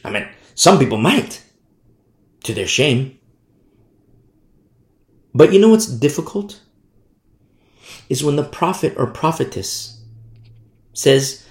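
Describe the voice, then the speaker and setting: A tired man preaching a sermon in a lively way, acting out the people he quotes. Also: fairly high pitch, normal speed, long pauses, reverberant. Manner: animated, mimics the people he quotes. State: tired from no sleep.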